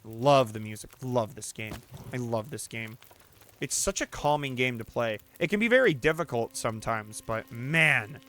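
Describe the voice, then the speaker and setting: A man hosting a let's play, commenting casually and getting excitable, swearing and shouting when things go wrong. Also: mid-range voice, normal speed, a little hiss or hum. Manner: talks to the player character and the audience.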